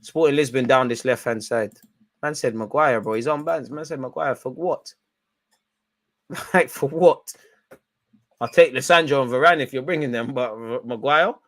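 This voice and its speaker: A man's voice: medium pitch, moderate pace, long pauses. A man hosting a live football watch-along, chatting in slangy banter, reacting to the play and often breaking into laughter. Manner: reacts loudly to goals and chances.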